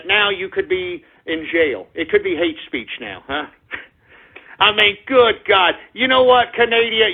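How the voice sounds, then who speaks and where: A man hosting a radio show, delivering a loud, crude, mocking rant that swells into sudden shouts. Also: high-pitched, slightly rough. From United States. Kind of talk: ranting talk radio monologue. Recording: phone-like narrow-band audio.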